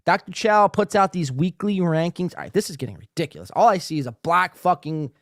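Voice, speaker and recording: A fast-shifting man hosts a reaction podcast, ranting and cursing at whatever he is watching. His voice sits a bit high and swings widely in pitch. The recording is dry and close. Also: no room sound. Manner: profane, ranting, excitable. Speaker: podcast host. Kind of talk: casual reaction commentary.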